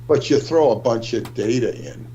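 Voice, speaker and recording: A man co-hosting a livestream discussion, speaking in a measured, deliberate way. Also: medium pitch, animated, mellow, lo-fi sound, a little hiss or hum. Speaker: livestream co-host.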